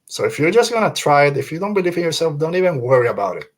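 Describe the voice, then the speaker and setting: A man's voice: fairly high pitch, big pitch swings, very fast. A man hosting a fan podcast, talking earnestly and emphatically, quoting film lines and repeating himself to drive a point home. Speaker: podcast host.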